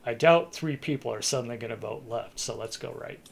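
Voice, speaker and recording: Amid background noise, a man with a mid-range, vocal-fry voice talks fairly quickly while hosting a talk segment on his stream. Casual and a little tired, he rambles, chuckles, and restarts his sentences midway.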